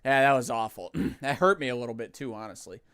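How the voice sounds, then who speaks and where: A young man casually chatting while livestreaming a game, jokey and quick to poke fun at himself. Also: mid-range voice, expressive, a bit bright, no echo. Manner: self-mocking, jokey, chatty. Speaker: streamer.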